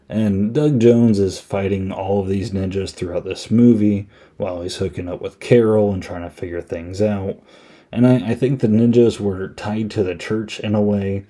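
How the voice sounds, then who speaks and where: A man's voice: on the low side, normal speed, dark tone. A man hosting a podcast, recapping a movie in a casual, rambling way, full of "like" and "um". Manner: rambling, filler-heavy, laid-back. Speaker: podcast host.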